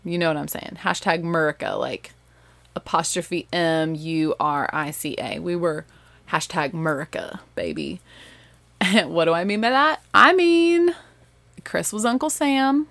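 A woman with a Southern accent chatting casually as a host, animated, laughing and correcting herself as she goes. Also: on the low side, measured pace, gravelly, no echo. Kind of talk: casual chat.

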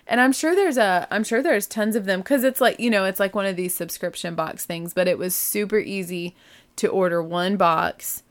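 A chatty woman talks straight to her listeners in a relaxed, rambling way. She gushes about things she loves and fills her talk with asides and little fillers, like a friend catching up over coffee. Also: mid-range voice, normal speed. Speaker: podcast host. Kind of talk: casual solo chat.

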